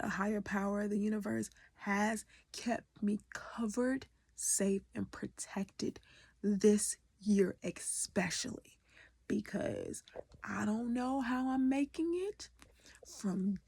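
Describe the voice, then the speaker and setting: Woman, educator vlogger; very husky, fry-laden voice; emotional, candid, swears, half-whispers; dry close sound. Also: mid-range voice, slow, a little mellow, dry recording. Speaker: educator and artist. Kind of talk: raw confessional vlog.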